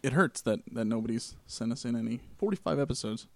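A man's voice: mid-range voice, lively intonation, fast talker, gravelly, a little mellow, dry recording. A man hosting a casual gaming podcast, breezily reading out the show's announcements. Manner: breezy, reads out show announcements. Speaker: podcast host.

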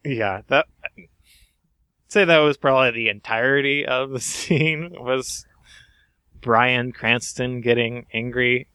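A man's voice: medium pitch, slow pace, long pauses, pushed and bright, clear, resonant tone. A man co-hosting a casual comedy podcast with a dry, sarcastic manner. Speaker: podcast co-host.

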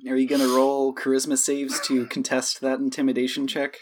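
A man narrates a tabletop game as its game master, easygoing and filler-heavy. His pitch sits in the middle of the usual range for men. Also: completely flat delivery, a little fast.

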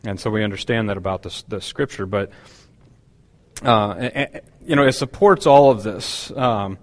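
A man's voice: fairly low pitch, moderate pace, big-room sound. A man preaching a Bible-teaching sermon, explaining a passage with frequent restarts and fillers. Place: church hall.

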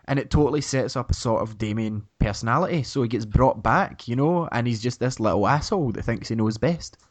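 A man's voice: medium pitch, a little fast. A man hosting a casual podcast who rambles through his ideas, jokes and laughs at himself. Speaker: podcast host. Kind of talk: casual chat.

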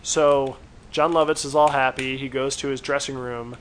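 A man's voice: mid-range voice, flat delivery, a bit bright, a little hiss or hum. A man co-hosting a horror review podcast, casually retelling an episode's plot and acting out the quoted lines. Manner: retells plot with quick asides, acts out quotes. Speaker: podcast co-host. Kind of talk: casual recap chat.

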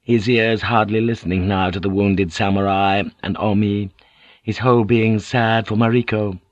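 A man narrating an audiobook in a steady, measured storytelling manner. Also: lowish voice, no room sound, muffled recording. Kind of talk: scripted narration.

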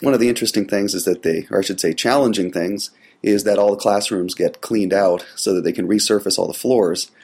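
A man hosting a solo tech podcast with a cold, his voice gravelly, talking in a relaxed, rambling way with many fillers. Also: fairly low pitch, a little fast. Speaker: podcast host. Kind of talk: casual solo podcast monologue.

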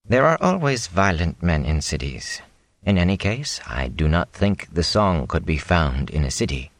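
A man reading aloud, voicing a gentle, patient traveling elder who speaks formally in a storybook. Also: low voice, big pitch swings, normal speed, no echo.

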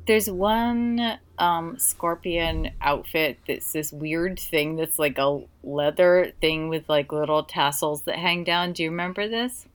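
A woman's voice: sits low, slow pace, smooth. A woman chatting casually, rambling and explaining eagerly with lots of filler words. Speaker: co-host. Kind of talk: casual chat.

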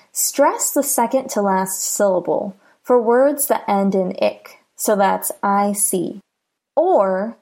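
Woman, American accent, patient pronunciation teacher; very slow, gravelly voice. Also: medium pitch, darkish tone. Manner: patient, repeats each word slowly. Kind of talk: slow, clear pronunciation lesson.

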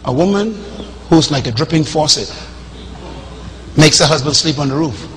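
Guy preaching, pretty high voice, real bright and forceful, big call and response stuff. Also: animated, moderate pace, slight background noise, low-quality recording. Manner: emphatic, call-and-response, asks questions of the congregation. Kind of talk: sermon.

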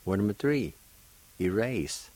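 A man's voice: lowish voice, lively intonation, slow pace, a little mellow, low-quality recording. A man hosting a radio language lesson, patiently spelling and pronouncing words syllable by syllable. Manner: encouraging sign-off. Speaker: language teacher and radio host.

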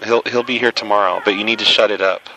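A man's voice: fairly low pitch, fairly even intonation, fast, sharp tone, a little hiss or hum. A man playing a rude, bored hotel desk manager on a prank phone call, mocking and dismissive. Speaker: prank caller.

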